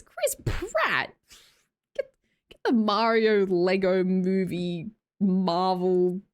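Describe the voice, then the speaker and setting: A young Australian woman hosting a livestream, chatting casually, reading viewer comments aloud and laughing often. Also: mid-range voice. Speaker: livestream host.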